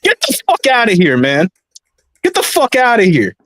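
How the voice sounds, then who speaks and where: A man co-hosting a podcast in casual banter, teasing the others in animated rants and repeating his lines. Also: high-pitched, moderate pace. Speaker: podcast co-host.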